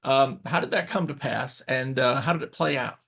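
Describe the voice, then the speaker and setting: A man's voice: medium pitch, moderate pace, gravelly, fairly bright tone. A man hosting a podcast, asking questions in a plain, hesitant way. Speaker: podcast host. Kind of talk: interview questions.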